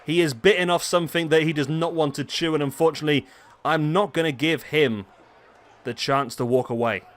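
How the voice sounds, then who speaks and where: A man's voice: a little high, steady tone, brisk, close to an everyday voice. A man voicing a stern male wrestling general manager who announces a match in a game commentary. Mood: commanding. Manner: announcing, commanding.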